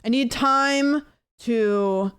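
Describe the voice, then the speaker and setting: A woman's voice: on the high side, drawn-out words, fairly bright tone, clean tone, no room sound, studio quality. Chatty, self-mocking woman streamer. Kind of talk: casual chat. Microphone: desk mic.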